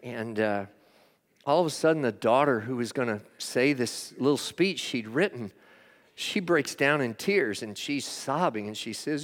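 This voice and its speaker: An older man giving a sermon as a chaplain, telling stories earnestly and moving between hushed and emphatic delivery. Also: medium pitch, lively intonation, moderate pace, in a large hall. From United States. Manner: earnest storytelling preacher, swings from hushed to emphatic. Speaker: chaplain preaching.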